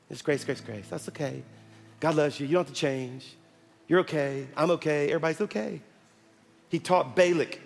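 A man preaching a sermon as pastor, building to loud calls at the congregation. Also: a little high, creaky. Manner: preaching with rising shouts to the congregation. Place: large church sanctuary. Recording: long hall reverb with music underneath.

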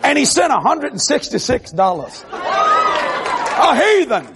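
A man preaching an animated evangelical sermon to a congregation on television, laughing and shouting asides as he goes. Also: very high voice, normal speed, creaky, very noisy. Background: faint congregation crowd.

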